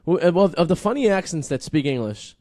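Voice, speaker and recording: A man's voice: fairly high pitch, sing-song, brisk, warm tone. A man from the Boston area with a Boston accent, hosting a podcast in a crude, rambling casual chat full of swearing. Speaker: podcast host.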